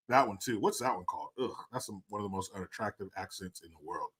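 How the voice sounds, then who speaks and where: A man's voice: on the low side, fast talker, few pauses, a bit bright, husky. A man hosting a casual livestream, reading chat aloud and joking crudely with plenty of swearing. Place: indoors, cold room.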